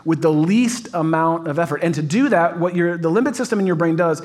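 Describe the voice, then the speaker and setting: A man preaching in a church with a noticeably high voice for a man. He talks to the congregation in a chatty, upbeat way and laughs often. His sermon feels like friendly conversation. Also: a little fast, darkish tone. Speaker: pastor. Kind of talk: casual sermon to a live congregation. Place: church auditorium.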